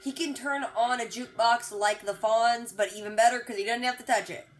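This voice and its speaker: A young woman recapping a TV episode in a slangy, excitable way, sounding a bit sick and acting out characters' lines. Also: a little high. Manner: acts out characters' lines in quick voices. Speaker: TV reaction vlogger. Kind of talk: casual recap and reaction.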